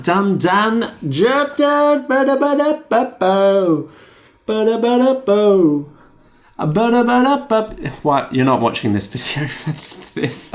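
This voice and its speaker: A man, telling a comedic rant about a customer-support mishap in a wry, self-deprecating way. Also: a little high. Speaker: vlogger.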